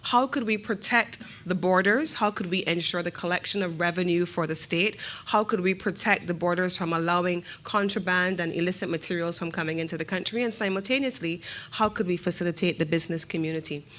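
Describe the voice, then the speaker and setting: A middle-aged woman from Barbados with a Barbadian accent, speaking as a government minister in a measured, emphatic formal speech. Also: on the low side, fairly bright tone. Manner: measured, emphatic, rhetorical questions.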